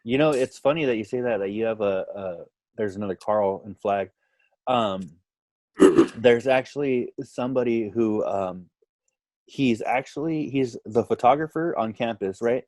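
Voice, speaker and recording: A man casually telling a story on a podcast, animated, acting out what other people said. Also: medium pitch, a little slow, no echo. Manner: animated, quotes others in lively voices. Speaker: podcast guest.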